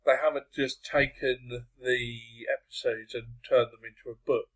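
Male podcast panelist, casual and rambling, mid-pitched. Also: steady tone, moderate pace, poor audio. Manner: rambling, loses his train of thought. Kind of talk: casual chat.

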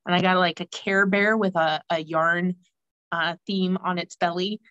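A woman chatting casually about her knitting, rambling with lots of fillers and clearing a frog in her throat. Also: fairly low pitch, steady tone, normal speed, a bit bright, no room sound, muffled recording. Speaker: guest knitter. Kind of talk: casual knitting podcast chat.

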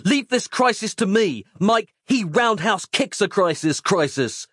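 A man's voice: high voice, lively intonation, a little slow, fairly bright tone, husky, dry recording, studio quality, voice pushed up, full character voice. A man doing a snarling, swaggering bully. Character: brash, bullying man, arrogant and hot-headed.

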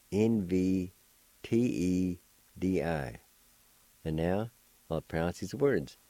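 A man giving a patient pronunciation lesson, spelling out letters and repeating each syllable slowly. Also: low voice, dark tone, no room sound. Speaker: language teacher and radio host. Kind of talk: slow word-by-word pronunciation lesson.

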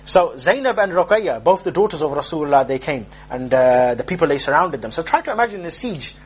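A young man gives a casual religious talk, joking through street stories and mimicking the people in them with mock voices. His voice is slightly high, very animated and a bit fast. There's slight background noise.

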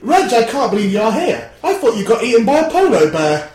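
A man's voice: high voice, lively intonation, fast talker, echoey room. A man putting on an over-eager naive young guy. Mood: excited.

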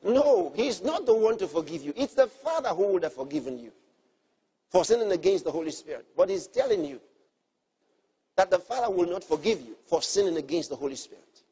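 A man preaching a sermon, earnestly teaching and repeating key phrases, moving between soft, quiet lines and emphatic ones. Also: high-pitched, very animated, a little fast, husky.

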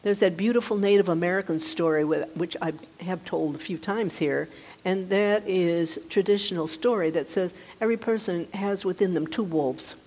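A woman meditation teacher giving a gentle, conversational dharma talk, often restarting her sentences. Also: on the low side, moderate pace. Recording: reverberant hall.

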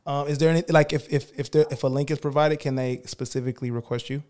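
A man hosting a podcast in easy, slangy conversation. His voice sits in a medium register, and he gets lively and theatrical when he reads lines aloud. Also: mid-range voice, fast. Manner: laid-back, slangy, animated when reading aloud. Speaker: podcast host. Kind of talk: casual chat.

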